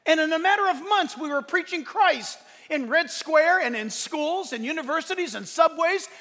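A middle-aged male pastor delivers an impassioned sermon, his voice sitting unusually high with a bright, forceful edge. He swings from loud exclamations down to quiet, hushed storytelling. The sound carries a long reverb from a large hall. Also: lively intonation, moderate pace.

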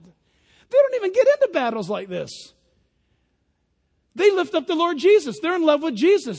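A man preaching a sermon in a lively, conversational way. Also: very high voice. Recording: long hall reverb.

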